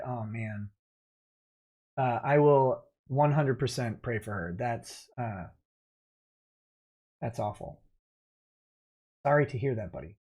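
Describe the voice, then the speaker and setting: A man's voice: mid-range voice, slow, long pauses, fairly bright tone. A man, a lawyer hosting a late-night livestream, reading viewer comments aloud and joking about them in a casual, wry way.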